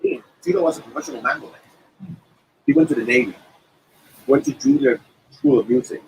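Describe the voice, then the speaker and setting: A middle-aged man sits in a cafe and tells tour stories in a loose, conversational way. His voice is mid-pitched, and he slips into little voices to act out the people he quotes. Faint room noise sits behind him. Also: brisk, rough recording. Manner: animated anecdotes with acted-out quotes. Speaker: musician guest. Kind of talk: casual storytelling interview.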